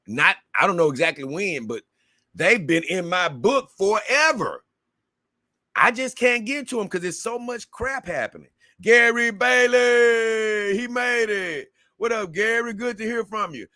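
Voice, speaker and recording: A man's voice: high voice, animated, a little slow, sharp tone, no echo, studio quality. A man hosting a casual livestream, reading viewer comments aloud and rambling to his audience in a slangy, talkative way.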